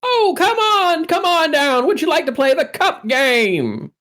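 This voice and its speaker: A man's voice: very high voice, very animated, unhurried, sharp tone, pitched above the performer's own voice, exaggerated voice. A man voicing a sly, smiling male cup-game hustler at a festival, smug and teasing. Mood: inviting.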